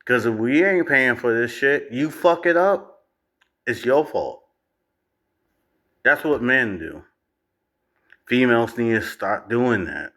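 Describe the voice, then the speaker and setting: A man's voice: medium pitch, animated, slow, pauses often, fairly bright tone. A man ranting bluntly and profanely as he reacts to a video clip. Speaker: reaction commentator.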